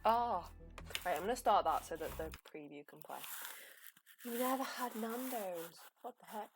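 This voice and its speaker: A woman's voice: medium pitch, slight background noise. A young woman, chatting and rambling with a giggle while she streams a game. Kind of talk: casual live game commentary.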